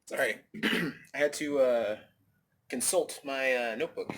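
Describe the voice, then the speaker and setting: A man ranting casually into his phone outdoors in the wind, rambling, animated, swearing freely and repeating himself. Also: medium pitch, a little slow. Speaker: vlogger. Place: outdoors, windy.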